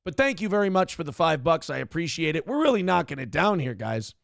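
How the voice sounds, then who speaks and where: Gravelly, chatty morning show host man. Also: on the high side, sing-song, fast talker, fairly bright tone, dry recording, studio quality. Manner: rambling, profane, opinionated. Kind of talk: casual livestream talk show.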